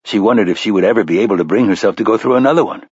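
A man narrating an audiobook in a measured storytelling manner, on a slightly dull recording. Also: on the low side, darkish tone, husky, no room sound. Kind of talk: scripted narration.

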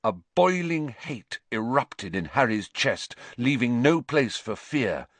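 A man reading a story aloud with dramatic, expressive narration. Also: medium pitch, takes it slowly, no room sound. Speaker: audiobook narrator. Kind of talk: scripted narration.

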